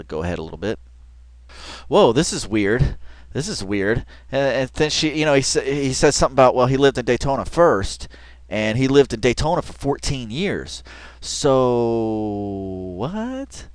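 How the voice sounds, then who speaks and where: Animated, rambling man in casual commentary. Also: mid-range voice, moderate pace, no echo. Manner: rambling, chatty, many fillers and restarts; laughs often while talking. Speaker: video commentator.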